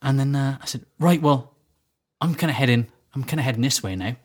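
A man co-hosting a podcast, telling a casual anecdote with animated storytelling and acted-out quotes. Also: medium pitch, fairly quick. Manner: animated storytelling, laughing at his own story. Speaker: podcast co-host.

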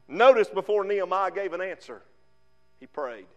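Fervent high-voiced male preacher. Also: lively intonation, moderate pace, highs cut off. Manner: fervent, shifting from loud emphasis to hushed tones. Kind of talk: sermon. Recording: long reverb.

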